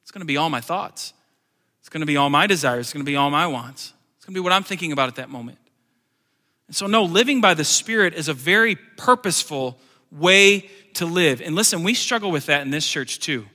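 High, sharp-toned man preaching a sermon, lively with wry asides, long church reverb. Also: a little fast. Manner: animated, swings between loud emphasis and quiet asides; joking asides in plain everyday speech. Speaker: pastor. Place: church sanctuary.

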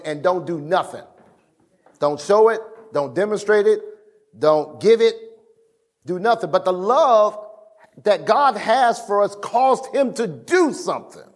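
High-voiced man preaching an emphatic sermon. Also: big pitch swings, measured pace. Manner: emphatic, call-and-response with the congregation.

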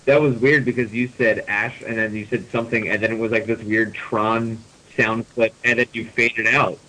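A man's voice: fairly low pitch, moderate pace, poor audio. A man hosting a podcast, reading a fan story aloud for comedy and often breaking into laughter. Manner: reads deadpan, breaking into laughter. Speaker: podcast host.

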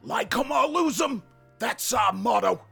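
A man's voice: extremely high pitch, lively intonation, faint music behind, full character voice. A man putting on a crude, swaggering mobster character who welcomes listeners and introduces his boys. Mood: menacing. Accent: put-on Australian. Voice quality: gravelly, raspy. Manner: slow, growling gangster delivery with shouted bursts. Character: swaggering male mobster doorman, menacing and crude.

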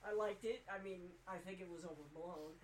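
A man's voice: high voice, fairly quick, slight background noise, rough recording. A man co-hosting a casual podcast chat, joking and trading banter. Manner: joking, lively, breaks into silly put-on voices. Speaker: podcast co-host.

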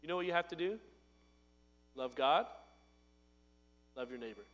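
A man preaching a sermon, his voice swelling to loud emphatic lines and dropping low and soft. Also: lively intonation, moderate pace, long reverb tail. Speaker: pastor.

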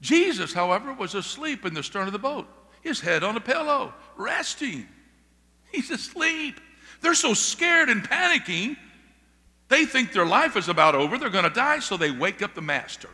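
A high, bright male voice preaching with emphatic energy, tossing questions back to his congregation. His words ring out with a long reverb in a church sanctuary. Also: big pitch swings, normal speed. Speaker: pastor. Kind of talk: sermon. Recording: long reverb of a large hall.

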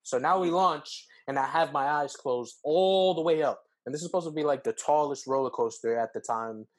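Young man telling an animated story. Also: normal speed. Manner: animated, acts out quotes with pitch jumps, heavy fillers. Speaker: podcast co-host. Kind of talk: casual storytelling.

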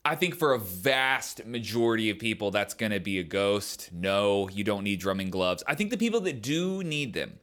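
A man's voice: fairly low pitch, animated, moderate pace, hardly any pauses, fairly bright tone. A young adult man co-hosting a podcast, musing in a loose, rambling way, full of "like" and "man". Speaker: podcast co-host. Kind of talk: casual chat.

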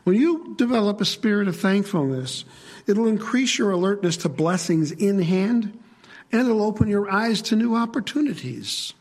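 Husky-voiced man preaching a sermon. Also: sits high, lively intonation, moderate pace, darkish tone. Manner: conversational, asks the congregation questions.

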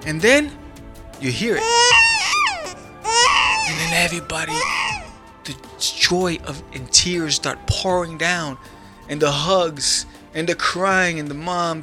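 A man hosting a podcast, talking straight to listeners and acting out their inner thoughts. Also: on the high side. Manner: animated, acts out inner thoughts in quotes. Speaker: podcast host. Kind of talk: motivational talk to listeners.

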